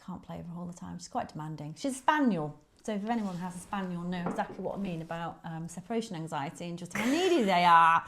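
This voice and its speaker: A woman in her forties, a guest chatting casually, laughing often, her voice jumping up when she gets excited. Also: lowish voice, fast talker, few pauses. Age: 40s. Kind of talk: casual chat.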